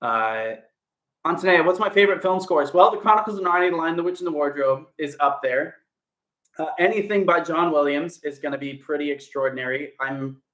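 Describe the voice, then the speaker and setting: A young man who acts hosts a casual livestream from a home room with echoey acoustics. In a mid-range, fairly bright voice, he answers viewer comments and gives upbeat greetings by name.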